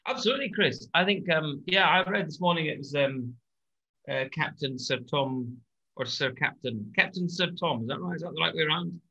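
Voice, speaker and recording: A man co-hosting a casual podcast chat, speaking haltingly with many repeated words and fillers. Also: fairly high pitch, creaky, sharp tone, husky, dull audio. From British. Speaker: co-host.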